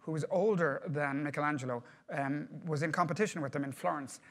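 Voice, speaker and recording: A man's voice: on the high side, a little fast, fairly bright tone. A man giving a project management workshop to a group, talking conversationally and putting questions to the audience.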